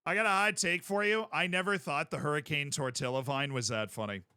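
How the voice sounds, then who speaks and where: A man streaming a game, chatting casually in a rambling, jokey way with sudden loud outbursts. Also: fairly high pitch, brisk, clean tone, no room sound, studio quality.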